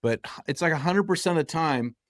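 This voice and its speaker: A man hosting an interview, reacting with surprised interjections and quick follow-up questions. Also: on the high side, lively intonation, no room sound, studio quality. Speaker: podcast host. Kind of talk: interview conversation.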